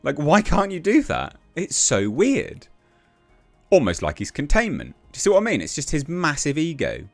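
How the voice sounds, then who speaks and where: A man's voice: on the high side, wildly swooping pitch, moderate pace, soft background music. A man giving casual political commentary, blunt and exasperated, with mocking sarcastic asides.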